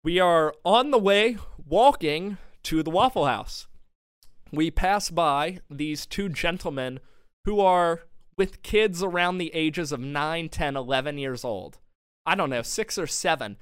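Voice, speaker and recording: A man's voice: a little high, measured pace, clean tone, no echo, clean studio sound. A young man hosting a podcast, telling a long story in casual chat and laughing often. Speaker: podcast co-host. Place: home studio.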